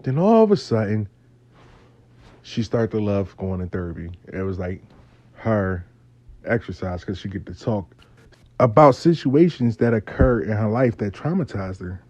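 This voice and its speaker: A man tells a story with swearing and street slang, his pitch swinging up and down. His voice is mellow and low in brightness. The recording is dry and dull, with a lo-fi sound. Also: normal speed, no echo. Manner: animated, profane, streetwise storytelling. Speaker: storyteller host. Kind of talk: casual storytime monologue.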